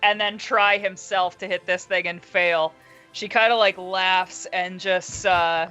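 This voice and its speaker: A woman's voice: fairly low pitch, steady tone, measured pace, pushed and bright, clear, resonant tone, muffled recording, faint music behind. A woman playing a tabletop game, teasing the others and narrating her character's actions. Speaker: player. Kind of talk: casual tabletop game play.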